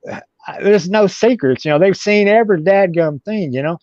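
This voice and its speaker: Male guest, halting storyteller, somewhat high-pitched, muffled dry recording. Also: darkish tone, dry recording. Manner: halting, repeats words and restarts. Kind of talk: casual storytelling. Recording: dull, dry audio.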